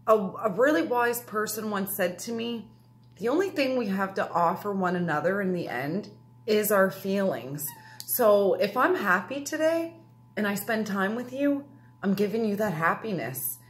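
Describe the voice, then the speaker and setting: Woman, personal talk, earnest, confessional, mid-pitched voice. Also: animated, moderate pace. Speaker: speaker.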